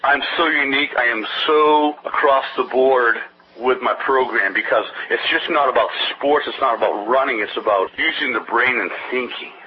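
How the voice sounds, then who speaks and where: A man's voice: medium pitch, moderate pace, breathy edge. A man promoting his brain-training program in an interview, rambling and salesy, telling anecdotes. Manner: salesy, rambling, tells anecdotes with quoted voices. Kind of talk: energetic pitch of his program in a phone-style interview. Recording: dull lo-fi audio with faint hiss.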